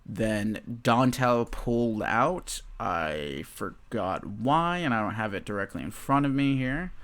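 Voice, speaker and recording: A man's voice: fairly low pitch, expressive, slow, fairly bright tone, clear, resonant tone. A young man hosting a casual chat about fight picks, rambling, swearing freely and often breaking into laughter. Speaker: host. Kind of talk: casual sports betting chat.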